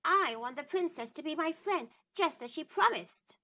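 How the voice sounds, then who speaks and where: A woman voicing a small persistent talking frog in a storybook, adding croaks to his lines. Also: sits high, expressive, normal speed, sharp tone, voice pushed up, full character voice. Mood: insistent. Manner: croaks "ribbit" between lines.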